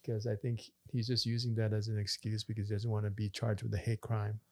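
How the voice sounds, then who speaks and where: A man's voice: lowish voice, level tone, brisk. A man, a pastor co-hosting a podcast, telling stories in a loose, rambling way with many fillers and restarts. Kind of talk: casual chat.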